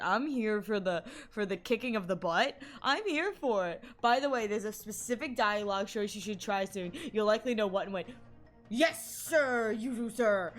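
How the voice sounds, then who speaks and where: A young woman streaming a game, chatting in an excitable, giggly way and swearing freely. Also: mid-range voice. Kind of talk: casual game-stream chat.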